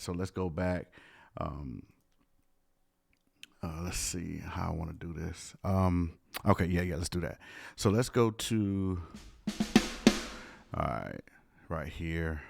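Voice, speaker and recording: A man's voice: sits low, moderate pace, vocal fry, pauses often. A man music producer, casually talking viewers through a live studio session. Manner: casual, talks through his work with viewers.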